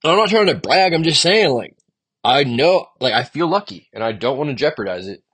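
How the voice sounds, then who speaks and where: Young male podcast host, solo ramble, swears a lot, pitch jumps all over, voice of frustration. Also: big pitch swings, a little fast, fairly bright tone, husky. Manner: frustrated, profane, rambling venting. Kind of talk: solo stream-of-consciousness podcast monologue.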